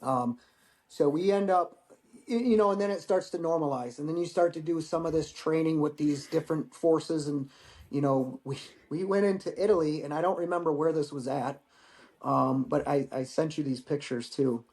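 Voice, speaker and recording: An American Marine veteran in his forties, appearing as a podcast guest, shares stories from his service at normal speed. His voice is a little high for a man, and he's relaxed and loose, cursing freely and repeating words as he starts phrases.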